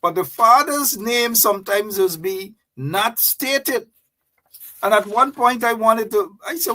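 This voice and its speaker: Man, high voice, mocking emphatic political commentary, repeats himself. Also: slow, bright, forceful tone. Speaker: host.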